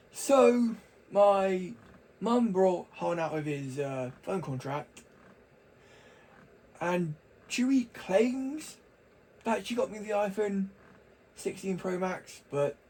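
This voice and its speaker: A man's voice: sits high, expressive, slow pace, pauses often, a little mellow, low-quality recording. A young man talking casually to camera, rambling and chatty with frequent restarts. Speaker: vlogger.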